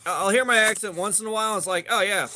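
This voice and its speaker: A man's voice: sits high, very fast, bright, forceful tone. A man in his forties with a Southern US accent, casually chatting on a livestream, upbeat and swearing freely as he greets viewers by name. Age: 40s. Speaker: livestream host. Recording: faint background noise and clicks.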